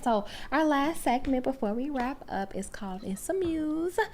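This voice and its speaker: A woman's voice: sits high, lively intonation, normal speed, darkish tone, a little hiss or hum. A woman hosting a podcast, chatting casually with her guest in an effusive, affectionate way and calling her "girl" and "honey.". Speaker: podcast host. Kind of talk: casual interview chat.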